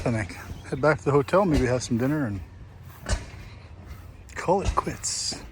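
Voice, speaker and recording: Speaking with an Iron Range Minnesota accent, this man narrates his travel vlog in a brisk, mid-range voice that pauses often, with an easygoing ramble and frequent chuckles. He starts at an outdoor engine show and later talks from a vehicle, over noisy outdoor audio full of vehicle sounds.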